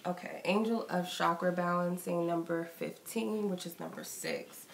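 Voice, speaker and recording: A woman's voice: lowish voice, normal speed, vocal fry. Chatty woman doing a tarot reading. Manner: chatty and reflective, loose rambling phrasing. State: getting sick, a little out of breath. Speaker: tarot reader. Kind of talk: casual spoken tarot reading. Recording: echoey room with faint noise.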